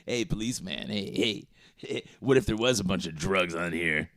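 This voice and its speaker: A man's voice: low voice, moderate pace, fairly bright tone, no echo, voice pushed down. A man impersonating a loose, tipsy man pestering a police officer with silly questions. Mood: teasing. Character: loose, buzzed man needling a cop.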